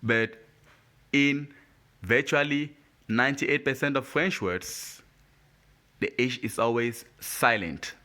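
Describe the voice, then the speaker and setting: A male teacher who speaks very slowly and deliberately, leaving space for the listener to repeat after him. His tone is bright and forward. He is patient and says each example word twice. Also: medium pitch. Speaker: French teacher. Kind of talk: slow, deliberate language lesson.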